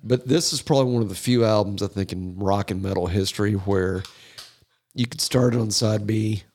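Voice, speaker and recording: A man's voice: on the low side, normal speed, a little mellow, breathy edge. A man co-hosting a metal podcast, chatting casually, swearing and joking a lot. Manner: profane, joking, laughs often. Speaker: podcast co-host. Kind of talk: casual chat.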